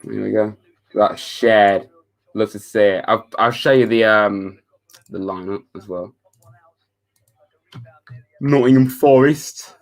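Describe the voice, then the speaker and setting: Chatty young man, lowish voice. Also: flat delivery, unhurried, gravelly. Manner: chatty, reads chat messages aloud, laid-back. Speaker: live streamer. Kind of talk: casual live-stream chat.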